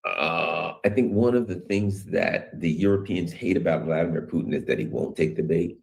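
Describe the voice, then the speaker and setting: A man with a very low voice delivers a solo commentary on world affairs. He talks in a rambling, emphatic way, stacking up his points and mimicking other people's words when he quotes them. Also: animated, normal speed, gravelly, darkish tone. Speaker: news commentary channel host.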